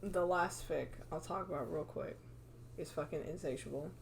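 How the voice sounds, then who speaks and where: A woman co-hosting a podcast, casually retelling a story with quick asides, swearing and frequent laughter. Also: low-pitched, gravelly, a little hiss or hum. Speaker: podcast co-host. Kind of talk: casual chat, retelling a fanfic with quoted voices.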